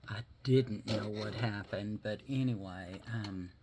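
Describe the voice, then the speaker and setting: A man's voice: fairly low pitch, slow, noisy background. A man vlogging casually while doing his makeup, rambling and swearing easily, with whispered asides.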